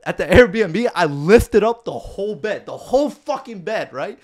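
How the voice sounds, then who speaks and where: A young man telling a dating story in a casual podcast chat, emphatic and animated, often laughing and checking in with "okay?" and "right?". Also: sits high, normal speed. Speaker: podcast guest.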